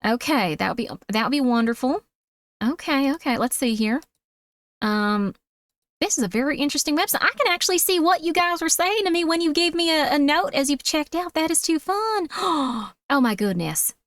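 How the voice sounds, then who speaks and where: A young woman streamer with a squeaky voice and a put-on Southern accent, chatting sweetly with viewers and calling them sweetie. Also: expressive, moderate pace, a bit bright, dry recording. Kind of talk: casual livestream chat.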